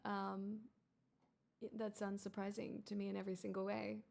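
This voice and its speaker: A woman's voice: medium pitch, monotone, normal speed, creaky, darkish tone. A woman hosting a casual livestream, chatting with viewers, thanking them in an exclamatory, wry way. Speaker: livestream host.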